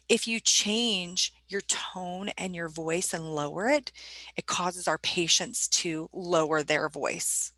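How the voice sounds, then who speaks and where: A woman's voice: fairly low pitch, takes it slowly, sharp tone, dry recording. A woman presenting a staff training webinar in a conversational way, putting questions to her audience.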